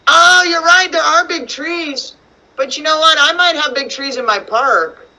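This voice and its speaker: Bright animated woman teaching kids online. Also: high-pitched, a little slow, low-quality recording. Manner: animated, coaxing, asks many questions. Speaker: kindergarten teacher. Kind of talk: online reading lesson for young children. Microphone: computer mic on video call.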